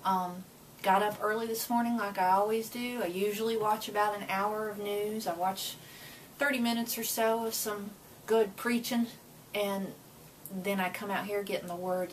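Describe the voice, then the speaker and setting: Earnest woman speaking a little off-mic. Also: mid-range voice. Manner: earnest and emotional. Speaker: Christian vlogger sharing encouragement. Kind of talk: casual motivational talk to camera. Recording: voice a bit far from the mic with faint noise.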